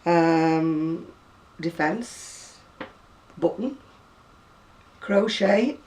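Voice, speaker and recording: Speaking extremely slowly in a lowish, darkish voice, a chatty Lancashire woman in her sixties reads a word list aloud for a video reply. She's a home video blogger whose Oldham-area accent has softened from years near Manchester, and she rambles with asides and self-corrections. Her voice is a little distant from the mic.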